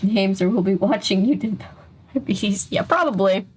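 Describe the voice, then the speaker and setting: A woman's voice: medium pitch, moderate pace, husky. Chatty young woman reading aloud to her chat. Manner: chatty, self-interrupting, laughing often. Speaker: channel host. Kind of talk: casual reading with live chat.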